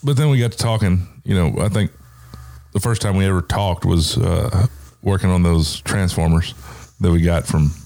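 Deep-voiced, reflective man. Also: vocal fry, dark tone, dry recording. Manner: measured and reflective, casual profanity. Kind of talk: reflective casual conversation.

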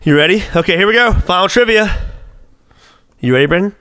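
A man's voice: high-pitched, brisk, smooth, dry recording. Guy co-host, swears constantly, voice swings all over, dry close sound. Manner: excitable, heavy swearing, thinks aloud. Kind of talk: casual podcast chat, quiz game.

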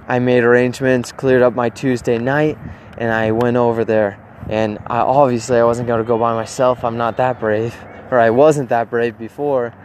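A young man telling a casual personal story, acting out his own quoted thoughts with sudden loud jumps. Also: medium pitch, a little hiss or hum.

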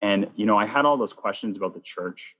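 A man from Canada with a very deep, husky voice recounts his personal testimony as an interview guest. He tells it in a lively way and acts out the lines people said to him. His voice rings with a long reverb, as if recorded in a large room. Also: fairly quick. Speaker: guest sharing his faith story.

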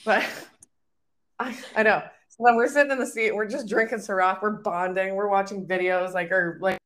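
A woman's voice: mid-range voice, fairly even intonation, moderate pace. A young Canadian woman co-hosting a podcast, telling frank, profane stories in casual chat. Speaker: podcast co-host.

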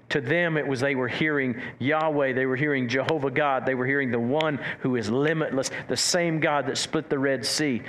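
A man preaching a sermon as pastor, animated, stumbling over repeated words and acting out quotes. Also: a little high.

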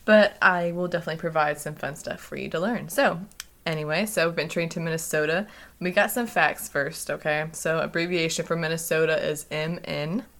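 Giggly, chatty young woman, slightly low voice. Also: steady tone, fairly quick, vocal fry, a bit bright. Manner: chatty, giggly, many fillers. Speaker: podcast co-host. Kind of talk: casual podcast chat.

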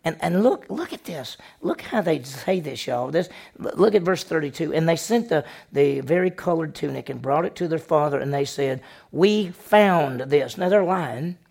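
A male pastor preaches at normal speed in a slightly high, gravelly voice. He questions the congregation and brings the story alive by acting it out in lively voices.

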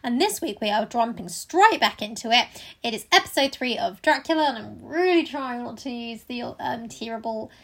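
Podcast co-host, woman, high voice, casual sweary banter. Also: expressive, normal speed. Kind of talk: casual chat.

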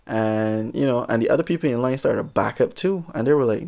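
Animated man telling a funny story. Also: medium pitch, fairly quick, vocal fry, few pauses. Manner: animated, uses minced oaths, rambling restarts. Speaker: podcast host. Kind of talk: comedic storytelling.

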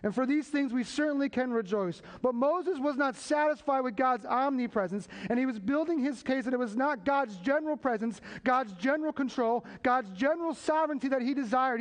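A man preaching a sermon, building emphasis and tossing quick asides to the congregation. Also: very high voice. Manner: preaching with rising emphasis and repeated call-and-response asides. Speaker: pastor. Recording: long hall reverb.

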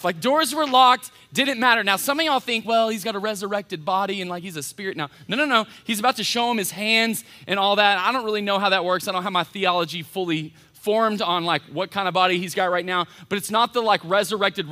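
A man with a twang preaching a casual sermon, his voice bright and forward and pitched a little high. He talks informally and with energy, and drops into little acted voices as he retells the story. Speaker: college pastor. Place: church hall.

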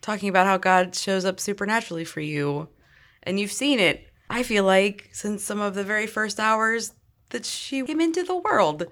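A woman co-hosting a studio interview who puts her questions quickly and earnestly. Her voice sits in an ordinary middle range. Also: medium pitch, expressive, fairly bright tone. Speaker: podcast co-host.

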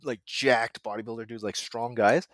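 A man's voice: mid-range voice, fairly even intonation, moderate pace, a bit bright, dry recording. A man hosting a casual podcast chat, laughing often and rambling through stories with lots of fillers. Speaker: podcast host. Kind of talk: casual chat over drinks.

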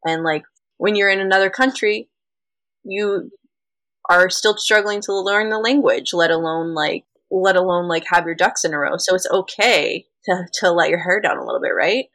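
Woman host, chatty and rambling, low pitch, dry recording. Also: normal speed, a bit bright, no room sound. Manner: chatty, lots of "like" fillers. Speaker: podcast host. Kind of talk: casual chat.

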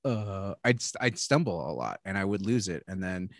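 A young man co-hosting a podcast, telling a story in casual chat, animated and laughing, swearing often. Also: sits low, normal speed, no room sound, clean studio sound. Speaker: podcast co-host.

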